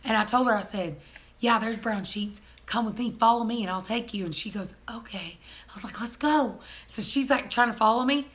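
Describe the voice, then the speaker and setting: Young female vlogger, animated storyteller, bright tone. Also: on the high side, brisk. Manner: animated, laughing, mimics people in quotes. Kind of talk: casual storytelling chat.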